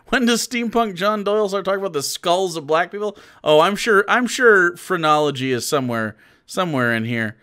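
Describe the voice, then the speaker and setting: A man's voice: sits high, lively intonation, moderate pace, sharp tone. A man streaming live, giving sarcastic, mocking commentary on videos. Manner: sarcastic, mocking, laughs often.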